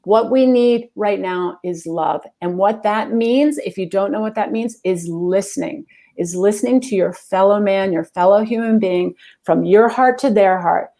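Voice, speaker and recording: A woman guest, an executive coach, giving earnest, fast-moving answers about love and spirituality in an interview. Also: medium pitch, mellow.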